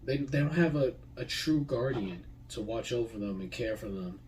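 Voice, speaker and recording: A young man thanking the people who shaped him, talking in a halting, heartfelt way with many repeated words and fillers. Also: medium pitch, fairly even intonation, darkish tone, distant mic, a little hiss or hum, rough recording. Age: young adult. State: tearful, voice breaking. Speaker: graduating high school student. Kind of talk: heartfelt personal thank-you.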